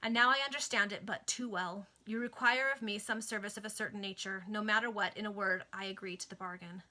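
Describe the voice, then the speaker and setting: A woman's voice: mid-range voice, fairly even intonation, brisk, pushed and bright. A woman reading aloud the lines of a desperate male returned convict, who sounds pleading and bitter.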